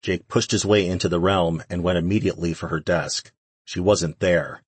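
A man narrating a fantasy audiobook in a steady, even reading. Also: sits low, normal speed, husky, dry recording. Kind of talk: scripted narration.

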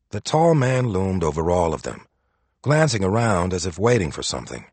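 A man narrates an audiobook in a low, husky voice that rises and falls with the drama. The recording is dry and close, with no room sound around him. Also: sing-song, normal speed, a little mellow, no room sound.

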